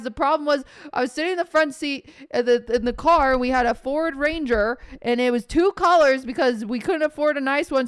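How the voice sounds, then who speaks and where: Young female streamer, animated storyteller, fairly high voice, smooth and dry close mic. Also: no echo. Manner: animated, swears casually, acts out quotes. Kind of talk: casual storytelling.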